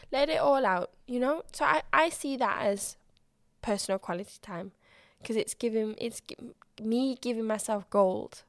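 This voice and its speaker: A woman's voice: on the high side, normal speed, no echo, clean studio sound. A woman hosting her own podcast, chatting candidly and expressively and swearing freely. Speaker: podcast host. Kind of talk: casual solo podcast chat.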